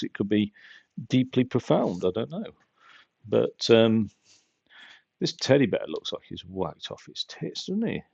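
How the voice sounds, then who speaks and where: A man's voice: fairly low pitch, creaky, darkish tone, breathy edge, no echo, dull audio. A man giving casual gameplay commentary, rambling and joking with wry asides as he plays. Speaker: gaming video host.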